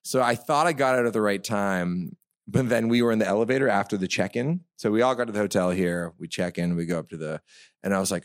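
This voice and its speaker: A man's voice: fairly low pitch, fast talker, no room sound, studio quality. A man co-hosting a live podcast, telling self-mocking stories and laughing often as he goes. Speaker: podcast co-host. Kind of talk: casual storytelling on a live podcast. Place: festival stage before a live audience.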